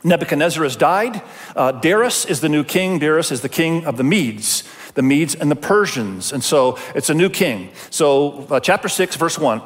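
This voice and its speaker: A man's voice: on the high side, expressive, normal speed. Man preaching in a reverberant hall. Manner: conversational, addresses listeners directly. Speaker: pastor. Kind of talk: sermon.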